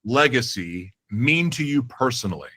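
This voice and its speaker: A man's voice: medium pitch, expressive, normal speed, bright, forceful tone, husky. A man hosting a podcast interview, giving short affirming reactions and asking open questions. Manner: affirming, brief reactions, self-correcting with a laugh. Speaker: podcast host. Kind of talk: interview host.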